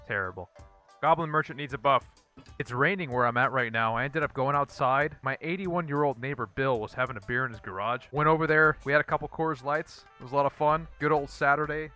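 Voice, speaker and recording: Male gaming host, bright tense tone, dry repetitive verdicts, faint music underneath. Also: medium pitch. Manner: repeats one-word verdicts in a dry, flat way. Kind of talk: casual gameplay commentary.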